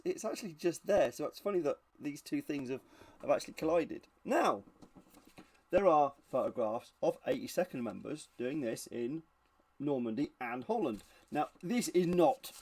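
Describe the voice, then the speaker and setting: A channel host reviews reenactor videos, offering casual reaction commentary that's blunt, sarcastic and full of swearing. His voice is a little high with a darkish tone.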